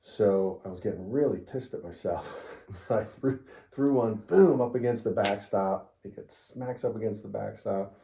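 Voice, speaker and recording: A middle-aged man tells a story in a relaxed interview, laughing as he talks. His voice is low and dark. The room gives it an echoey, roomy sound. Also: a little slow, gravelly, a little hiss or hum. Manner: animated storyteller, laughs often. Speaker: interviewee, father of the host. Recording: roomy echo.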